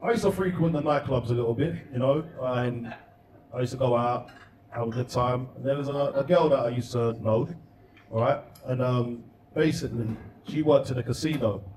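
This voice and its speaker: A middle-aged man spins slangy anecdotes with an easy, laughing energy. His voice sits at an ordinary pitch and lands some way off the mic. The room around him rings noticeably. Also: moderate pace, noisy background. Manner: animated, slangy, laughs while telling anecdotes. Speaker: guest, former footballer. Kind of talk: casual storytelling. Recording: roomy sound, distant mic.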